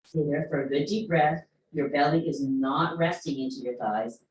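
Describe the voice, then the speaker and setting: A woman's voice: low voice, moderate pace, a little hiss or hum. Woman coaching a stretch class in an echoey room. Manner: encouraging, breath-led instruction with playful asides. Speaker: fitness instructor. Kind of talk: guided workout cues. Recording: echoey room, mic far off.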